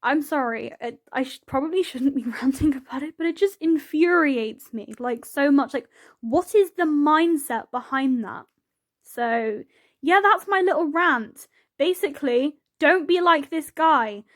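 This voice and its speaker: A woman's voice: high-pitched, unhurried, a bit bright. A woman chatting casually over gameplay as a voice-over, rambling and giggly, with lots of "like"s. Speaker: YouTuber narrating a game build.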